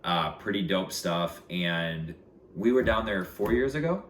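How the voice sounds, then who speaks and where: A man co-hosts a family vlog with a very deep voice, rambling in a relaxed way with casual slang and frequent restarts. The room is echoey, with a faint hiss of noise behind him. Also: unhurried. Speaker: co-host, husband.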